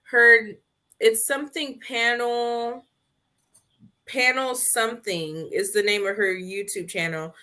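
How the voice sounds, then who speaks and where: Woman co-host, fairly high, bright voice, animated and rambling, casual review chat. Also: takes it slowly. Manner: animated, laughing, rambling asides.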